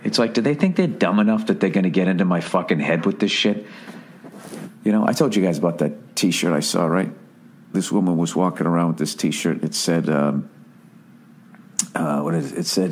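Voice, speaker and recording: A man hosting a podcast, ranting in a casual comedic way, profane and quick to mimic voices. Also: low-pitched, a little hiss or hum. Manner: profane, animated, mimics voices mid-story. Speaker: podcast host.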